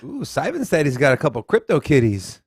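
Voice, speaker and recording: Fairly high-pitched and a bit quick, his voice has a breathy edge and no echo, captured dry and close. A Southern-accented co-host from Texas, he animatedly reads crypto headlines and articles aloud, riffs on them, and swears casually in this laid-back news chat.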